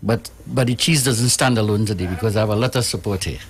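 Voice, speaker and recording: A man's voice: lowish voice, fast, slight background noise. Earnest man, guest author. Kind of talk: radio interview. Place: radio studio.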